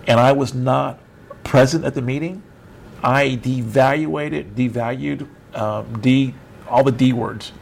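A man's voice: medium pitch, vocal fry, a little hiss or hum. A middle-aged man giving an informal teaching sermon over a video call, conversational and rambling with self-mocking humor. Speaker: preacher.

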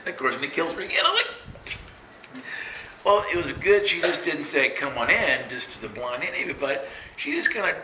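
A man telling a story in a casual, rambling way, often asking "right?" and jumping high when quoting himself. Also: expressive, a little fast, bright, forceful tone, a little hiss or hum. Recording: roomy echo.

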